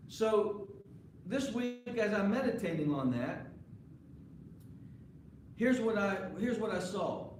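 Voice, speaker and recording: A man's voice: high-pitched, lively intonation, slow pace, long pauses, darkish tone, a little hiss or hum. Male pastor preaching, chatty, keeps asking the crowd stuff, super echoey church sound, mic kinda far. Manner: conversational preaching, asks the congregation questions. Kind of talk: sermon. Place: church sanctuary.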